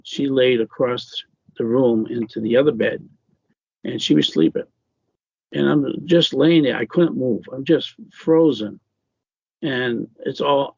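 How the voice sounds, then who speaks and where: A man being interviewed as an author, telling a personal ghost story in a halting way with many fillers and restarts. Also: mid-range voice, gravelly, a little mellow, breathy edge, no room sound, muffled recording.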